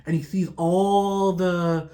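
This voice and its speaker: A tarot reader retells a folk tale in loose, chatty speech, leaning on fillers and quick restarts. The delivery is informal and conversational throughout. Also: medium pitch, steady tone, warm tone. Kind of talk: casual storytelling.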